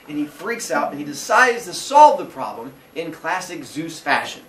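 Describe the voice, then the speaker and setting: Male teacher, animated storyteller, fairly high voice, echoey classroom with the mic set off at a distance. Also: normal speed, a little hiss or hum. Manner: playful, acts out characters, asks the class questions.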